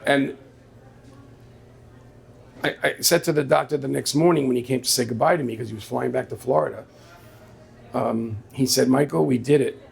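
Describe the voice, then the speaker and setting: A man's voice: mid-range voice, normal speed, creaky, pauses often, breathy edge. A man telling a personal story on stage at a live story slam, in a conversational way, quoting the people in it. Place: small venue with a live audience.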